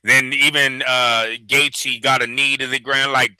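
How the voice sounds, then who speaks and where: A man's voice: medium pitch, level tone, unhurried, bright, forceful tone, smooth, no echo, poor audio. A man co-hosting a fight news show, giving blunt, opinionated takes with plenty of swearing. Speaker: boxing show co-host. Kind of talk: casual profane news chat.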